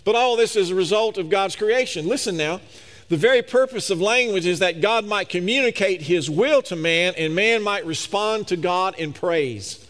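A man's voice: high voice, moderate pace, a bit bright, in a large hall. A man preaching a sermon, emphatic and speaking straight to his listeners. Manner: emphatic, addresses the congregation directly.

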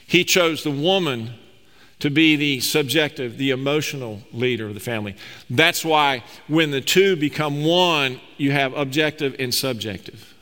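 A man's voice: medium pitch, pushed and bright. A man preaching a sermon as pastor, reading scripture aloud and explaining it with emphatic, rising delivery. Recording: long reverb of a large hall.

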